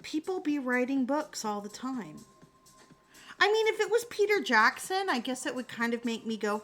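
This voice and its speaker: A woman in a casual live-stream chat, talking straight to her viewers in an animated way and swearing freely. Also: high voice, moderate pace, faint music behind.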